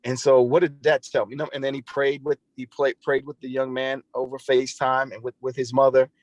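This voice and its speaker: A man's voice: mid-range voice, level tone, brisk, no room sound. A man appearing as a podcast guest, earnestly telling a personal story and often restarting his phrases. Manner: earnest, repeats and restarts phrases while recounting. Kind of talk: conversational storytelling.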